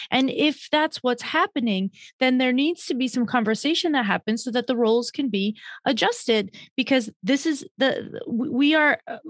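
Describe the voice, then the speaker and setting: A woman's voice: high-pitched, no echo, studio quality. A woman hosting an interview, explaining her views on roles and shared workload in a confident, reasoned way. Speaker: host. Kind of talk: interview discussion.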